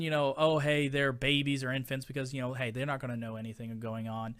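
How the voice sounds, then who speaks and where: A man's voice: medium pitch, flat delivery, fairly quick, hardly any pauses, a bit bright, clear, resonant tone. A man in his thirties, a podcast host, ranting casually in an emphatic, exasperated way, with many fillers. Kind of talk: casual opinion rant.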